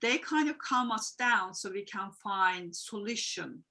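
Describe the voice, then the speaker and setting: Bright-voiced woman explaining earnestly. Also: medium pitch, expressive, a little slow, poor audio. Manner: earnest, explanatory, repeats phrases, non-native grammar. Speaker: guest, emotional wellbeing coach. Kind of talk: interview answers.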